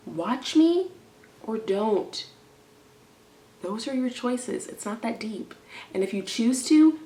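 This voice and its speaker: A young woman vlogs a stressed, rambling confession to the camera in front of her, swinging from low mumbles to loud, indignant outbursts and slipping made-up words into her speech. The room is echoey.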